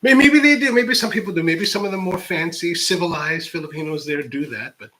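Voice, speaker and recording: A man's voice: fairly high pitch, brisk, sharp tone, a little hiss or hum, rough recording. A man from the United States, a coffee professional hosting his own channel, chatting casually to camera in a rambling, candid, self-deprecating way full of "like" and restarts.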